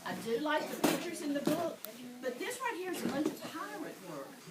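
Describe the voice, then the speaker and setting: A woman reading a picture book aloud to children, animated and stopping to ask them questions. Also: high-pitched, normal speed. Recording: echoey room, far mic, noisy.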